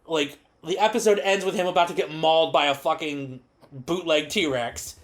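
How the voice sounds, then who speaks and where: Co-hosting a podcast, a man casually recaps an old episode, swearing freely. He's animated and mocks the characters by quoting them in quick, high put-on voices.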